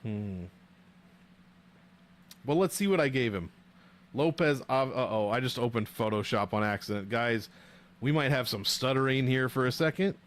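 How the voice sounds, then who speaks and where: A young man at a home streaming desk talks straight into his microphone, chatting loosely with his viewers. He jokes, swears freely and riffs in animated banter, his voice sitting at an ordinary mid pitch for a man. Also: normal speed, pauses often. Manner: profane, joking, animated banter. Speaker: livestream host rating fighter nicknames. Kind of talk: casual livestream chat with viewers.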